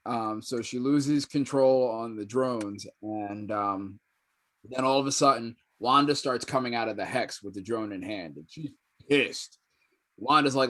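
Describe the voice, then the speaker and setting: A man's voice: mid-range voice, normal speed. A man co-hosting a podcast, narrating a plot step by step in casual talk with many fillers. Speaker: podcast co-host. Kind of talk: casual recap chat.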